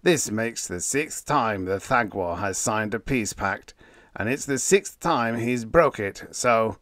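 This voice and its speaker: A man voicing a stern, crusty old male spaceship captain with a gruff, growling delivery. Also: on the low side, lively intonation, takes it slowly, a bit bright, no echo.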